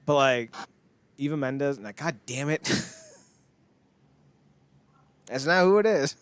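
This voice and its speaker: A man's voice: medium pitch, lively intonation, slow, slight background noise. A man co-hosting a podcast, chatting in a rambling, jokey way and laughing often. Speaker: podcast co-host. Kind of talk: casual chat.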